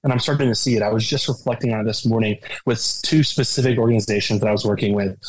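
A man talking earnestly as a podcast guest, telling stories with animated emphasis. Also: lowish voice, rapid-fire, slight background noise, poor audio. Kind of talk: conversational interview.

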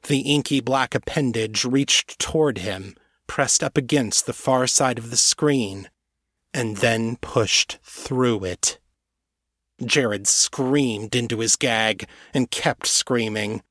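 A man reading a dark fantasy novel aloud as narrator, in a measured, deliberate storytelling manner. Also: mid-range voice, no room sound, clean studio sound. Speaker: audiobook narrator. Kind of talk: scripted narration.

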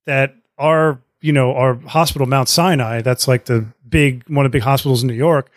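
A man talking as a guest on a podcast, chatty and rambling with quick asides. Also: medium pitch, steady tone, no room sound, studio quality. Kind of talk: casual podcast chat.

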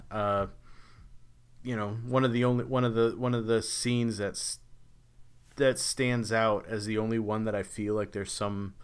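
A man's voice: on the low side, clean tone. A man co-hosting a podcast, discussing a film in a casual, rambling way with frequent restarts. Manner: rambling, many restarts and fillers. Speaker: podcast co-host.

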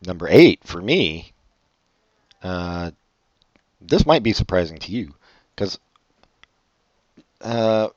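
A man co-hosting a casual podcast chat, sarcastic and teasing, often trailing off quietly. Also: deep voice, very animated, takes it slowly, long pauses, no echo. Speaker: podcast co-host. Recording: dull lo-fi audio.

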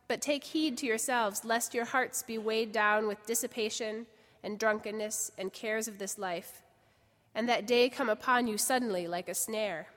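A woman giving a formal Bible reading in a measured, solemn way. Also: fairly high pitch, fairly bright tone. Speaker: scripture reader. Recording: reverberant hall.

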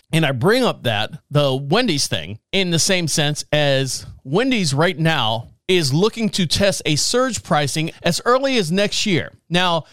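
A man in his forties with a fairly high voice hosts his show in a loose, rambling monologue, cracking jokes and laughing at them. He is recorded close up with a dry sound and no room echo. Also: a bit bright, smooth. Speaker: podcast host. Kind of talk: casual talk show monologue.

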